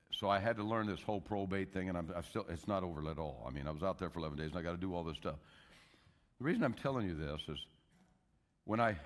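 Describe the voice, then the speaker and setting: An older man preaching a sermon, telling a story with loud emphasis and hushed asides. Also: low voice. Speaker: pastor. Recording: long hall reverb.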